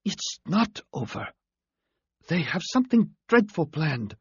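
A man's voice: fairly high pitch, big pitch swings, takes it slowly, no echo, muffled recording, pitched above the performer's own voice, heavily acted. A man voicing a dying male alien who speaks in a weak, urgent voice, in an audiobook. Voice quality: weak, breathy.

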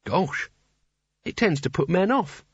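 A man's voice: high-pitched, expressive, slow pace, breathy edge, dry recording, pitched above the performer's own voice, full character voice. A man voicing Kanina, a fierce young woman thief who speaks bluntly and curtly. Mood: confiding. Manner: brusque, curt. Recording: dry, slightly dull audiobook recording.

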